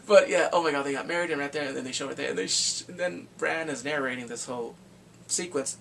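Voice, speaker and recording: A man giving an excited, casual recap of a TV episode, often breaking into loud whoops and shouts. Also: a little high, fast talker, vocal fry. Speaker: TV show reviewer. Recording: distant mic, faint background hiss.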